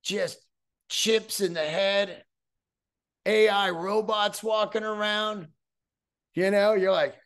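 Slow-talking, profane man in his fifties. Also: high-pitched, fairly even intonation, a bit bright, clear, resonant tone. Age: 50s. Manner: profane, rambling storytelling with acted-out voices. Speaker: podcast host. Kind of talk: solo podcast monologue.

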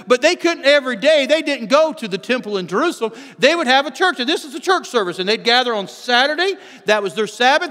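A man's voice: extremely high pitch, a bit bright. A man pastor preaching a sermon in a church, earnestly explaining scripture with frequent restarts. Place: church sanctuary. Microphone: microphone on stage. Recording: long church hall reverb.

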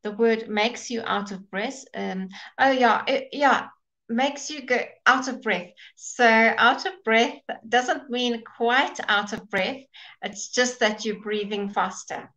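A woman teaching a live online English class, explaining slowly and patiently and sounding out of breath. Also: fairly high pitch, fairly even intonation, a bit bright, rough recording. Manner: slow, explaining patiently, with fillers and restarts. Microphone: webcam or computer mic.

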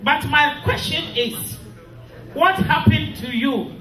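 A middle-aged woman from Ghana, slowly reading a grieving, tearful funeral tribute as a widow. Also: high voice, fairly bright tone. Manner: slow, grieving, tearful delivery. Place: funeral hall. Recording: echoey hall from far off with music.

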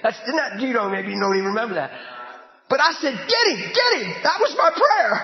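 A man preaches a sermon in a very high, lively voice, swinging from loud shouting to sudden hushed asides. The sound is dull and boomy, with a long echo from the church hall. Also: fast, gravelly. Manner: emphatic, often shouting, with sudden drops to a hushed voice.

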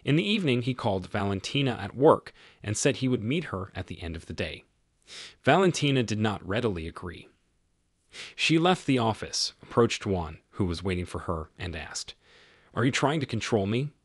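A man narrating a scripted story in an even, matter-of-fact way. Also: lowish voice, moderate pace, slightly rough, dry recording, clean studio sound.

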